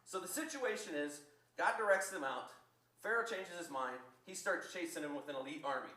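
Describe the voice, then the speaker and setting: A man preaching a sermon as pastor, telling the story in a lively way and acting out the quotes. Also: on the high side, moderate pace. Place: church. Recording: echoey church from far off.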